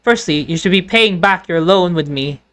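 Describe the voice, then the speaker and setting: A woman's voice: lowish voice, animated, moderate pace, a bit bright, pitched below the performer's own voice. A woman voicing a stern male ship captain in a game dub, speaking curtly and skeptically. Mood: dismissive. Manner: curt, skeptical.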